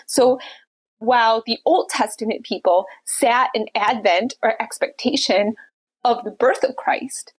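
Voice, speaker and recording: Husky sick-sounding woman host. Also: fairly high pitch, a little slow. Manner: earnest storytelling, retelling a book scene. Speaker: podcast host. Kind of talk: casual Christian podcast reflection. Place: bedroom, recording from bed.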